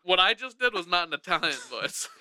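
Male comedy podcast host, rambling and giggly, very bright tone, animated pitch. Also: brisk, no room sound. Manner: goofy, laughs often, rambling. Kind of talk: casual comedic chat.

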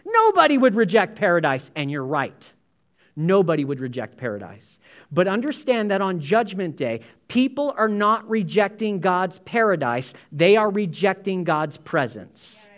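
A man with a notably high voice preaches to his congregation. He builds to loud, emphatic stretches, then drops to quiet, low lines to land a point. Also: sing-song, normal speed. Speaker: pastor. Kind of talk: sermon.

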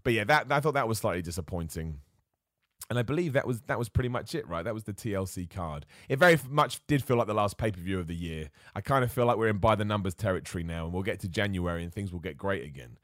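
Opinionated host, chatty wrestling talk, quick speech with a lively, swinging pitch. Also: male voice, dry recording, studio quality. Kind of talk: casual wrestling recap talk. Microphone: close mic.

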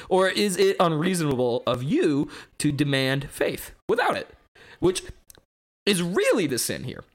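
A fiery young skeptic lecturing a bishop in a dramatic monologue, as a man performs it. His fairly high voice leaps up and down as the rhetorical questions pile up. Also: full character voice. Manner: impassioned, rhetorical, escalating rants.

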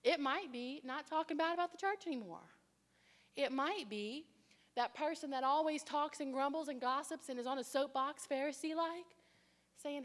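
A woman's voice: high-pitched, moderate pace. Woman preaching in a reverberant hall. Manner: animated storytelling, acts out voices. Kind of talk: sermon with personal testimony. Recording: long reverb of a large hall.

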